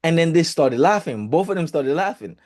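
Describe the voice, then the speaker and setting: A man's voice: a little high, lively intonation, a little fast, darkish tone. A man telling a personal story in a casual, chatty way, with swearing and filler words. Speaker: real estate group speaker.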